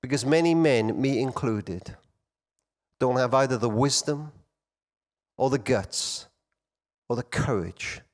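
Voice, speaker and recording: Animated middle-aged male conference speaker. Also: mid-range voice. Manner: animated storyteller, wide swings between loud and hushed. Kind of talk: storytelling talk to men.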